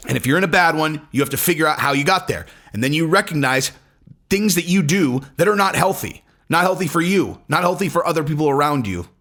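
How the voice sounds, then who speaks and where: A man in a casual commentary vlog whose slightly high voice swings freely up and down as he talks. He rambles, restarts and swears bluntly, keeping it loose and conversational. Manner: animated, rambling, acts out quotes in other voices; blunt and profane. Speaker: MMA commentator.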